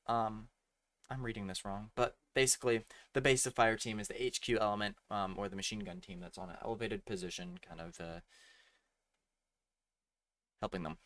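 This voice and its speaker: A man's voice: fairly low pitch, fairly even intonation, fairly bright tone. Young man stumbling through a read-aloud tutorial. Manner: halting, stumbling over words and correcting himself. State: losing his voice. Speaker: gaming community tutorial presenter. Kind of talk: reading slides aloud with stumbles.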